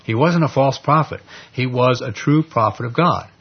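A man teaching an informal Bible study, conversational and animated, checking in with listeners through asides as he explains scripture. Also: medium pitch, moderate pace, slightly rough, highs cut off. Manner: conversational and animated, with frequent "you know" and "okay?" asides.

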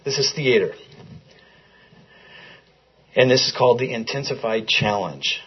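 A man's voice: mid-range voice, animated, measured pace, breathy edge, highs cut off. A man leading an interactive Bible class, asking his listeners questions in a conversational way.

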